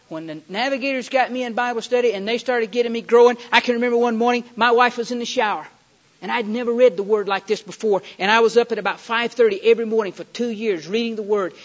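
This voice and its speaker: A middle-aged male preacher with a fairly high voice, delivering a sermon with big dramatic swings. He bursts out loud and excited when telling stories, then drops to a hushed, slow murmur for scripture. The recording is dull and lo-fi, like an old tape.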